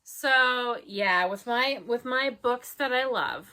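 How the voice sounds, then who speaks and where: A woman's voice: fairly high pitch, takes it slowly, bright, forceful tone. A young woman co-hosting a casual chat, reading bad reviews aloud with sarcastic, mock-indignant remarks.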